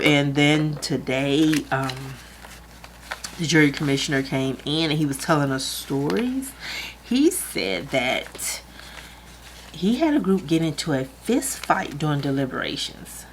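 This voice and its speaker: A woman's voice: sits low, slight background noise. A woman, chatting casually to camera about her budget, laughing easily and close to tears at times. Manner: chatty, laughs easily, talks through her math aloud. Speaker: budgeting vlogger.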